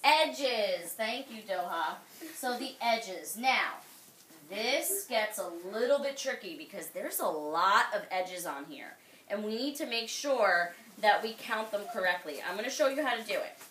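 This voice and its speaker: A woman's voice: medium pitch, animated, unhurried, fairly bright tone, far from the mic, a little hiss or hum. A woman teaching a second grade class, quizzing the children by name and praising them patiently. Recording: echoey classroom, voice off-mic.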